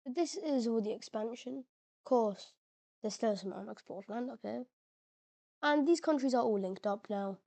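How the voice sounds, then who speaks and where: A woman's voice: fairly high pitch, measured pace, creaky, warm tone. A woman giving casual, slangy commentary over a map game, chatty and informal with lots of fillers and the odd voice crack. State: occasional voice cracks. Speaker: mapping video narrator.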